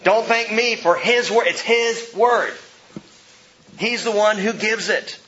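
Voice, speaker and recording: In a muffled recording, a high-pitched male pastor preaches slowly through a passage verse by verse. He speaks emphatically, his volume rising and falling between soft and loud.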